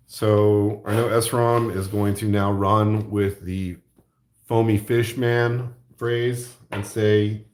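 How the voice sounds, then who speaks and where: A man's voice: on the low side, little pitch movement, slow, darkish tone. A middle-aged man hosting his own channel, rambling jokily in casual chat and laughing often. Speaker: YouTube art channel host.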